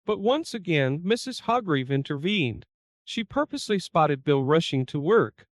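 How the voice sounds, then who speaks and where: A man narrating a dramatic family story in a steady, even storytelling read. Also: high voice, normal speed, no echo, clean studio sound.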